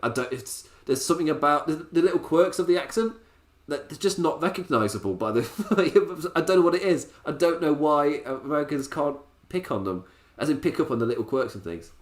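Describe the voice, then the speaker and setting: A man's voice: a little high, animated, brisk. A man reviewing a wrestling show in a casual, sarcastic way, often laughing. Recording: roomy echo.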